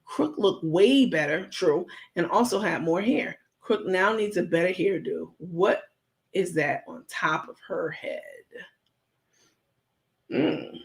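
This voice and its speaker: Woman, livestream host, casual chat, reads comments aloud, frank and chatty, vocal fry, at home. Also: on the low side, slow pace. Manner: frank, chatty, talks straight to viewers.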